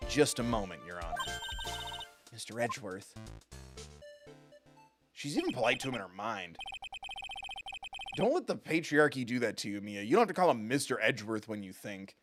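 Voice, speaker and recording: A man's voice: medium pitch, sing-song, fairly quick, over music. Playful man streaming a game. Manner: playful, joking, chatty asides. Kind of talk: live gameplay commentary.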